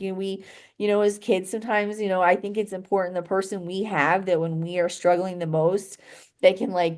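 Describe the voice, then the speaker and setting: In an interview, a young adult woman with a fairly low pitch and darkish tone recounts a painful personal story. She rambles, restarting her sentences and filling them with "like" and "you know".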